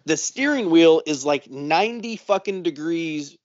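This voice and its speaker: A man's voice: a little high, unhurried, dry recording, dull audio. Foul-mouthed man telling a story. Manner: profane, animated storytelling. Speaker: podcast co-host. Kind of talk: casual storytelling chat.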